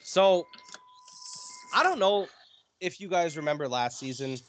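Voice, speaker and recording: Male podcast co-host with a lively, swinging voice and a casual, cussing delivery. Faint hiss on the track. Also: fairly high pitch, unhurried. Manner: animated, swears casually, runs through games. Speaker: podcast co-host running the picks. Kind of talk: casual sports podcast chat.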